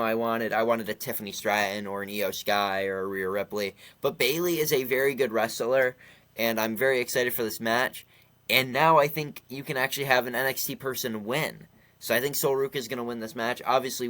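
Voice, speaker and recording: A man's voice: lowish voice, fairly bright tone. A man giving a casual recap with opinions, chatty and ranting, with frequent fillers like "like" and "I mean.". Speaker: wrestling commentary youtuber.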